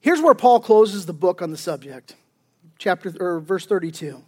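A man preaching a sermon as a pastor, conversational and emphatic, with slang, frequent restarts and slower, deliberate scripture readings. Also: high voice, animated.

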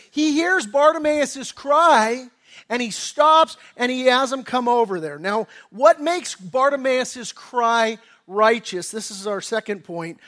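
Pastor, male, high voice; passionate sermon with casual slang asides. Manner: impassioned preaching, building from hushed to shouting.

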